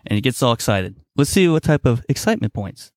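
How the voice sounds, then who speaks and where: Laughing podcast host calling dice rolls. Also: male voice, mid-range voice, very animated, quick pace, no room sound, clean studio sound. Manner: laughs often, jokey play-by-play. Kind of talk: casual chat narrating a dice battle.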